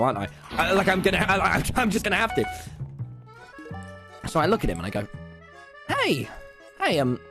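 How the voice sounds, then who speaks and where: A young British man tells a story on stream in a high, lively voice that keeps leaping up and down. He swears freely and acts out every voice in the exchange. Faint music plays under him. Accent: British English. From England. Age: young adult. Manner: excitable, swears a lot, acts out both sides of the exchange.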